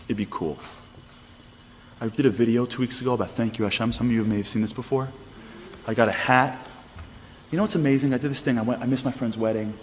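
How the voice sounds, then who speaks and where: Male speaker, mid pitch, lively storyteller who checks in with the crowd; long hall reverb, faint noise. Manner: lively, repetitive, asks the audience questions. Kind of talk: animated storytelling talk.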